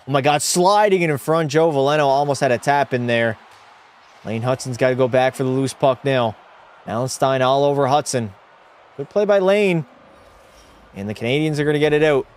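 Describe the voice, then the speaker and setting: With a clear, resonant, mid-range voice, a young man calls plays while streaming a hockey video game. Excitable and chatty, he talks with viewers, answers chat and breaks into mock French-Canadian outbursts in his casual commentary.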